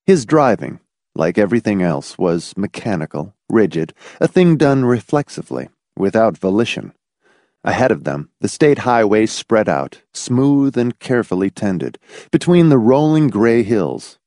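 Guy narrating a novel, lowish voice that swings a lot, dry close mic. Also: dry recording. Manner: measured, expressive reading. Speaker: audiobook narrator. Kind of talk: scripted narration.

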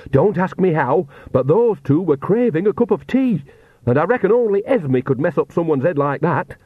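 A man's voice: mid-range voice, big pitch swings, brisk, dry recording, narrow, tinny audio. A man voicing an earthy, cheerful old witch who talks plainly and chattily. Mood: bossy earthy.

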